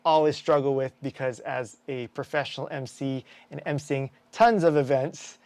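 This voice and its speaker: A man's voice: medium pitch, moderate pace, darkish tone, poor audio. A man hosting a casual business talk show, rambling with lots of fillers and restarts, working as an event emcee. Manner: rambling, filler-heavy, with frequent self-corrections.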